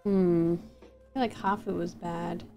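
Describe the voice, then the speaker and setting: A woman's voice: fairly low pitch, fairly even intonation, unhurried, mellow. Woman gamer, casual voice chat, thinks aloud, faint music under. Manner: hesitant, thinks aloud, hums to herself. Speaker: streamer playing a social deduction game.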